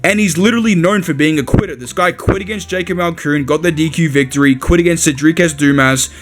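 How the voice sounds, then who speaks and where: A man's voice: on the high side, fast talker, music in the background. A young man hosting a fight-sports channel, ranting furiously with heavy swearing and repetition, saying he is livid. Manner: heated, profane, repeats himself and says bro. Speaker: MMA commentary channel host. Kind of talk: angry rant to camera.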